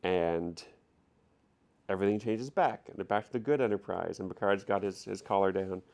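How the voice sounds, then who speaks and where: Gravelly, lowish male storyteller, flippant and slangy, laughs through his own retelling. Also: normal speed, a little mellow. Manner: flippant, laughing, slangy, voices characters loosely. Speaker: storyteller recapping an episode. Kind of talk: casual comic retelling.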